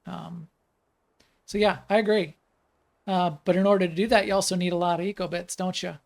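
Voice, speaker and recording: A game developer from the United States talks through a live stream while playing, rambling from one thought to the next. The voice has a gravelly, creaky edge and sits at an ordinary middle pitch. The speech is loose and unscripted, full of ums, uhs and restarted sentences. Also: steady tone, a little fast. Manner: rambling, chatty, lots of fillers and restarts. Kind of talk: live stream gameplay chat.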